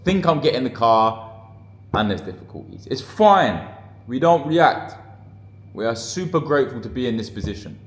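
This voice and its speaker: A man from the UK, a gold trader and trading mentor, talking casually to camera in an excitable, slangy way and swearing freely. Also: mid-range voice, normal speed, slightly rough. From United Kingdom. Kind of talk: casual vlog talk to camera. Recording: noisy background.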